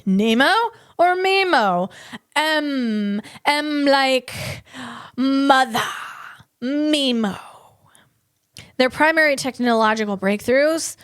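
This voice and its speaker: A woman hosting a comedic tech podcast on her own, bubbly and excitable, rambling with playful asides. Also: fairly high pitch, smooth, dry recording, studio quality.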